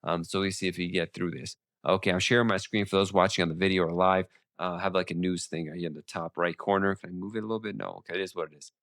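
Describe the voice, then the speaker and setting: A male podcast host with a sore throat, giving legal updates in a fast, casual monologue full of restarts and fillers. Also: sits low, fairly even intonation, a bit bright, no room sound, clean studio sound.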